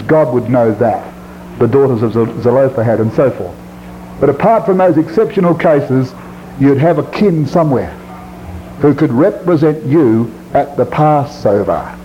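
A man preaching a sermon, stressing words hard and dropping to low quiet phrases, reading scripture in slow drawn-out tones. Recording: dull lo-fi recording with faint hiss.

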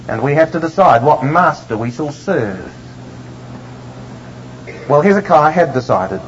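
A man preaching a sermon, emphatic and slowing down to stress the scripture he reads. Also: a little high, a little hiss or hum. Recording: dull lo-fi recording.

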